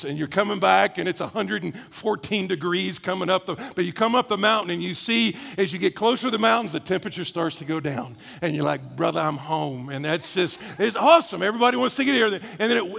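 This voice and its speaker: A pastor delivers a sermon in a high, gravelly man's voice. He preaches in a lively, conversational way, acting out little asides. The sound rings with the long reverb of a large hall.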